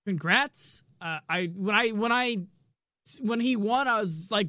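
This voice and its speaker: A man's voice: high voice, unhurried, sharp tone, no room sound, studio quality. A man co-hosting a racing podcast in casual chat, blunt and rambling, swearing freely. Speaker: podcast co-host.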